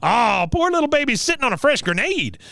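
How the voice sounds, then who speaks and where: A man's voice: very high-pitched, big pitch swings, a little fast, bright, forceful tone, pitched above the performer's own voice, full character voice. A man putting on the voice of a mean, boastful old male war veteran who brags and insults people. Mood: barking mean. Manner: gruff, bragging, insulting.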